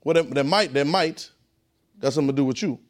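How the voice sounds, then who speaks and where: A preacher with a somewhat high voice teaches a Bible class and draws spoken answers from the room. He hammers points through repetition and often sinks to a low, hushed voice for reverence. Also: fast talker. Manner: emphatic and repetitive, often dropping to a low, quiet voice. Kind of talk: call-and-response Bible teaching.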